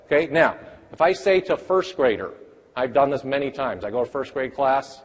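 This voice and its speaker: Man quizzing a crowd in a reverberant hall. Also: mid-range voice. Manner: energetic, rapid-fire quizzing of the audience. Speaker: math education presenter. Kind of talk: interactive conference workshop talk. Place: large conference hall.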